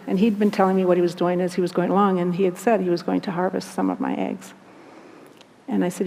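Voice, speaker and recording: A woman tells a personal story in an earnest, halting, reflective way. Her voice is gravelly and stays fairly flat in pitch. The recording carries a long, hall-like reverb. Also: slight background noise. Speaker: guest recounting abduction experiences.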